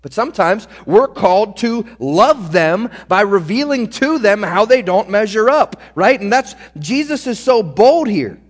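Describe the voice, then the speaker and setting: A man's voice: high-pitched, expressive, unhurried, hardly any pauses. A man preaching a sermon as pastor, earnest and direct, speaking straight to his listeners. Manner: earnest, direct, addresses the congregation. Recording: long hall reverb.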